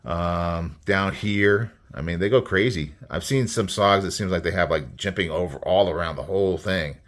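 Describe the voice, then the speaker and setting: Low-voiced man rambling about a knife. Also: normal speed, fairly bright tone. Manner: rambling, easygoing, enthusiastic. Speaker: knife reviewer. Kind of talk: casual product review.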